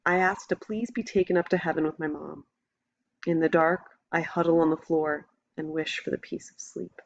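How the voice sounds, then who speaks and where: A woman narrating a novel in the first person, in a steady, measured reading voice. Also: low-pitched, creaky. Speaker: audiobook narrator. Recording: dull lo-fi recording.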